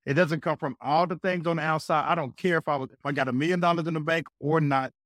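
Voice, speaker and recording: A man guesting on a podcast, telling a personal faith story with an energetic, preacher-like delivery. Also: on the high side, quick pace, no echo, studio quality. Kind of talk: casual faith talk.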